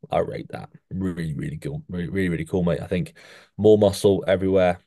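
A man's voice: low-pitched, quick pace, no echo, studio quality. A young man co-hosting a casual podcast who rates physiques and tacks "mate" onto almost every sentence. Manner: says "mate" constantly, animated coaching tone. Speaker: podcast co-host rating physiques. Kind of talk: casual chat. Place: podcast studio.

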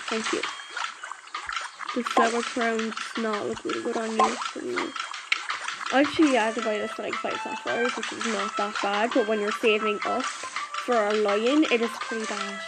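Female gameplay commentator, chatty and excitable, high-ish voice, loud game music underneath, headset mic. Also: normal speed, poor audio. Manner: chatty and excitable, talking to viewers while playing. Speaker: gameplay video maker.

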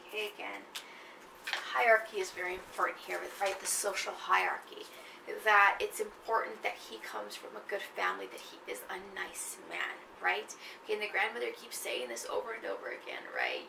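A woman's voice: medium pitch, moderate pace, gravelly, background noise. A woman teacher giving a literature lecture, who keeps checking in with her students with short questions as she goes. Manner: checks in often with questions to the class. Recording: echoey room, mic at a distance.

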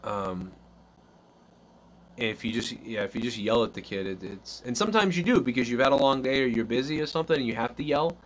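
A man's voice: medium pitch, animated, a little fast. Male live-stream host, mid-range voice, casual and rambling, faint background noise. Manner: loose, rambling, acts out little quotes. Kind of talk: casual chat.

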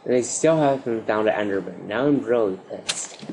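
A man commentating his own survival game play, excitable, talking to the mobs and breaking into loud outbursts. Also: fairly low pitch, moderate pace, vocal fry, background noise. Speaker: gaming commentator. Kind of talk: Minecraft let's play commentary.

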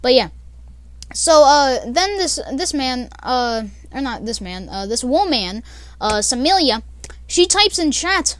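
Lively high-voiced young woman rambling. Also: slow, no echo. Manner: rambling, with many fillers and laughs. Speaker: vlogger. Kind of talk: casual storytime.

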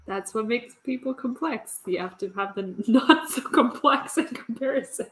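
A woman's voice: on the high side, animated, takes it slowly, a little hiss or hum. A woman teaching artist chatting casually while painting, self-deprecating and laughing often. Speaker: teaching artist doing a demo.

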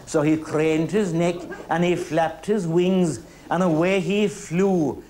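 A lilting Irish seanchaí-style teller spinning a comic folk tale in rolling, rhythmic phrases. His voice sits a little high for a man, and he leans into humour and long strings of "and he..." clauses. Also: fairly even intonation, slow, dark tone. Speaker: storyteller. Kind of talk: traditional oral storytelling.

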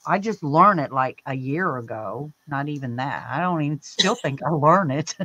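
A woman's voice: low voice, animated, normal speed, fairly bright tone, highs cut off. A woman co-hosting a livestream, chatting casually, teasing and often laughing. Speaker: livestream co-host. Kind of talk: casual chat.

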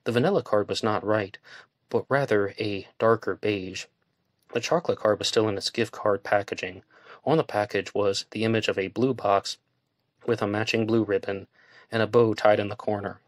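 A man reading a thriller audiobook aloud in steady narration. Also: on the low side, moderate pace, dry recording, studio quality. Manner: steady, plain storytelling. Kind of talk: scripted narration.

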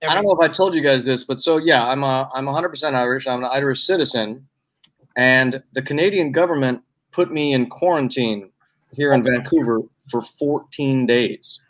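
A man from Chicago who is a guest on a video-call chat, telling stories in an animated, comic way. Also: mid-range voice, normal speed.

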